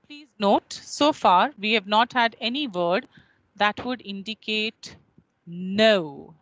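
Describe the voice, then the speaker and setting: Slow, measured woman teaching online. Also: medium pitch, fairly bright tone, no room sound, highs cut off. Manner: slow and measured, repeating words to model pronunciation. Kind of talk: online phonetics lecture. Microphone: video call.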